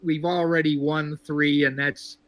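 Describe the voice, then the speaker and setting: A man from Texas calling into a sports show, talking in a measured, wry way with lots of fillers. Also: fairly high pitch, flat delivery, a bit bright, no echo. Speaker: caller. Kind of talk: casual sports call-in chat.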